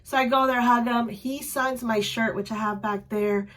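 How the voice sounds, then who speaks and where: A young woman vlogger casually telling a story to camera, animated and acting out voices, her voice a little strained. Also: normal speed. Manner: animated, acts out voices with loud high yells. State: voice slightly strained.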